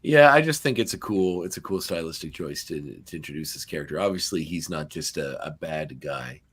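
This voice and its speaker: Low-voiced man with a Nova Scotian accent. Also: lively intonation, a little fast, a bit bright, breathy edge. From Canada. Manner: meandering, many fillers and restarts. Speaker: podcast host. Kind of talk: casual podcast chat.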